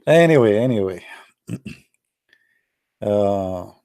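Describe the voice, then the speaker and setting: A man with an Arabic accent telling stories in broken English, speaking Arabic as his first language, and jumping up high and excited for his punchlines. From Arab world. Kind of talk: animated storytelling monologue.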